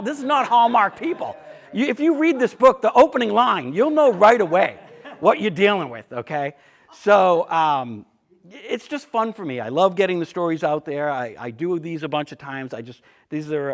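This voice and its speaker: Chatty man telling stories. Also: a little high. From Boston area. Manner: storytelling, chatty, with frequent restarts and asides. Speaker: author giving a talk. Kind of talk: casual author talk to an audience.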